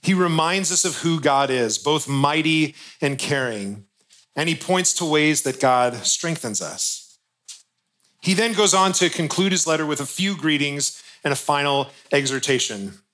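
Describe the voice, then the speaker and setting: Bright-voiced male pastor preaching. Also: fairly high pitch, unhurried. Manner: earnest, conversational preaching with light humor. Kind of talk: sermon.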